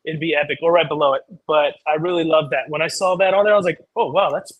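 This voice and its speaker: A man hosting a live unboxing stream, chatting casually and telling a relaxed story. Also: fairly high pitch, fast, no room sound, rough recording.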